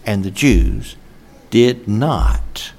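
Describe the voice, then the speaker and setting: A man's voice: fairly low pitch, expressive, extremely slow, a little mellow. A man preaching a sermon in an emphatic cadence, with frequent filler sounds.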